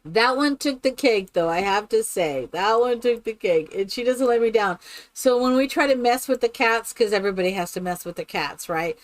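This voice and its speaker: Animated, chatty woman with a bright voice. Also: fairly high pitch, moderate pace, no room sound. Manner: animated storyteller, laughs often, keeps asking "right?". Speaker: streamer. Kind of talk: casual chat while playing a game.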